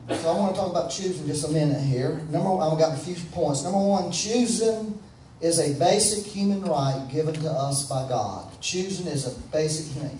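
A man's voice: on the high side, moderate pace, mellow, slight background noise. A man preaching a sermon in a folksy, conversational way, calling on the congregation to answer back. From United States. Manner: conversational, folksy, calls for audience responses. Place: church sanctuary. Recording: roomy, from a distance with faint background.

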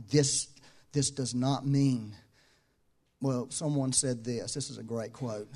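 In a conversational sermon, this male pastor shifts from quiet, low reflection to loud, high-pitched emphasis, hammering home key phrases through repetition. He keeps a steady tone, moves slowly, and sounds slightly rough.

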